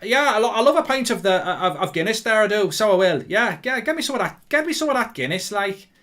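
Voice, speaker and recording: A jolly, pint-loving young footballer, put on by a man, in a hammy mock-Irish accent that keeps sliding into Scouse. The voice is pushed high and loud, sing-song and rambling. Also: very animated, fast. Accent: put-on Irish drifting Scouse.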